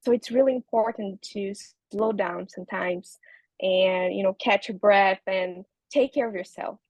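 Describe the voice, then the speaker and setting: Gentle woman giving advice. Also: mid-range voice, unhurried, no room sound, low-quality recording. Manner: gentle advising, many fillers like "you know". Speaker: guest, holistic nutritionist. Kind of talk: interview, advice.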